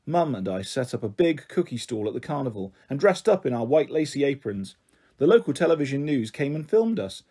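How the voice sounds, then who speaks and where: Man, storybook narration, animated delivery, mellow, husky. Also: medium pitch, a little fast. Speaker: audiobook reader.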